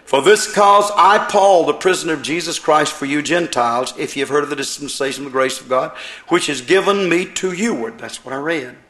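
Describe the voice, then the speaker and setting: A middle-aged man preaching a sermon in a church, swinging from loud emphatic declarations to quiet asides. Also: fairly high pitch, a little fast. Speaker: pastor.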